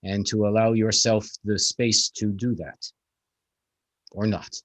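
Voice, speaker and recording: A man with a somewhat low voice, recorded dry. He hosts a relaxed conversation and muses at length, filling his talk with "you know". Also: slow, no room sound. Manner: rambling, reflective, many "you know"s. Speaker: podcast host. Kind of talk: casual conversation.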